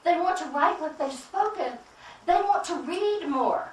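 A woman's voice: very high-pitched, lively intonation, measured pace, echoey room, distant mic, poor audio. A woman from the United States giving an emphatic conference talk, repeating key phrases and asking the audience questions. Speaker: keynote speaker at a conference.

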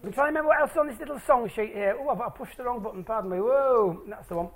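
A stage presenter with a mid-range voice races through maths tricks performed live for an audience in a hall. The delivery is playful and jokey, pulling the crowd in.

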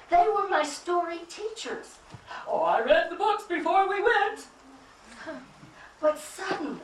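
A woman's voice: very high-pitched, reverberant, recorded from a distance, slight background noise, poor audio. A woman from the United States giving an emphatic conference talk, repeating key phrases and asking the audience questions. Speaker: keynote speaker at a conference.

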